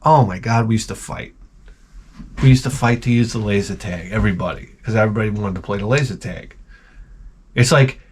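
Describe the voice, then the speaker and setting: With a lowish voice and a slightly fast pace, a middle-aged man talks over faint background noise. His crude comedy vlog has him unboxing packages, cursing freely, rambling, and putting on mock voices to tell stories and jokes.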